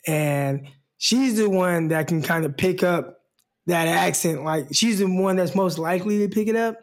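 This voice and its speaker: A man's voice: high voice, normal speed. A man from California co-hosting a sports podcast, chatting in an easygoing way and repeating words. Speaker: podcast co-host, former football player. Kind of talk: casual sports podcast chat.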